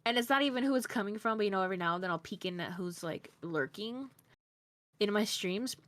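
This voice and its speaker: A woman streamer talks through an interview in a loose, meandering way. She giggles often and leans on filler words as she hunts for her thoughts. Her voice sits at an ordinary middle pitch. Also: brisk, a bit bright. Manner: giggly, rambling, lots of fillers. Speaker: streamer guest. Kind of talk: casual interview chat.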